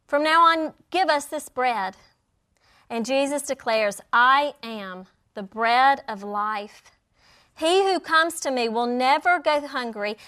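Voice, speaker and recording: A woman teaching a Bible lesson, acting out the quoted lines with lively storytelling. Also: high-pitched. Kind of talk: sermon.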